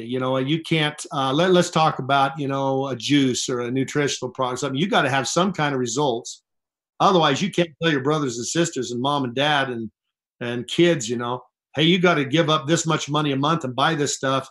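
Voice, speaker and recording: Emphatic salesy man, a bit high-pitched. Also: a bit bright. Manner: emphatic, repetitive, salesy motivational delivery. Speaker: network marketing distributor. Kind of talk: motivational talk on a conference call. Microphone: phone call.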